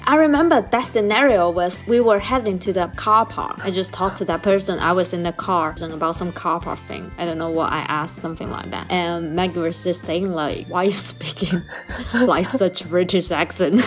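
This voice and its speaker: A woman whose first language is Chinese, co-hosting a podcast in English and chatting casually as a lively storyteller. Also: fairly low pitch, a little fast, few pauses, soft background music. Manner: animated storyteller, acts out voices. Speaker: podcast co-host. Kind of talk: casual chat in a second language.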